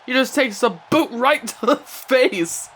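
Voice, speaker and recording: A young man giving excitable play-by-play commentary on a wrestling video game, breaking into shouts at big moves. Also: very high-pitched, slow pace.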